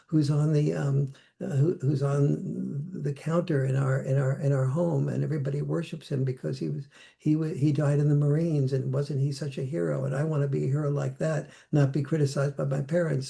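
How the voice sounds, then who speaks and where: Gravelly, dark-voiced older man. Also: fairly high pitch. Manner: reflective, acts out quoted voices. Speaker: podcast guest. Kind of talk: conversational interview.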